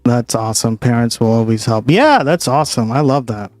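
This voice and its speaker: A man's voice: medium pitch, lively intonation, fairly quick, a little mellow, dry recording. A streamer with a mid-range voice talks in a laid-back way and reacts to his chat. Faint music plays behind him. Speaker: streamer host.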